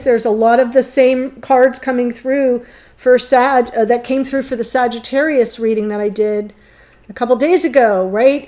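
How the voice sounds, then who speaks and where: Tarot reader woman, higher voice. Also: a little mellow. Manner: earnest, flowing, with frequent ums. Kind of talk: solo tarot reading to camera.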